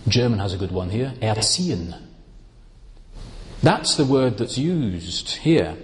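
A man preaching a sermon, explaining Bible words in a slow, deliberate, emphatic way. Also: medium pitch, big pitch swings, big-room sound, slight background noise.

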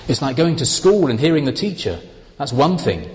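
A man preaching a sermon, explaining Bible words in a slow, deliberate, emphatic way. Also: mid-range voice, very animated, a little mellow, long reverb tail.

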